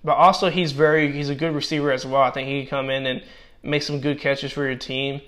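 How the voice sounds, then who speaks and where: A man giving casual commentary and grades on football draft picks, talking haltingly with many restarts while he is losing his voice. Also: medium pitch, level tone, a bit bright.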